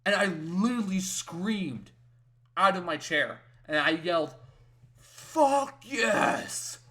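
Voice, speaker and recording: Animated man telling a gaming story. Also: on the high side, a little slow. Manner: animated, builds to excited yelling when retelling wins; talks in fillers and repeated tag questions. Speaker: podcast co-host. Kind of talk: casual storytelling chat.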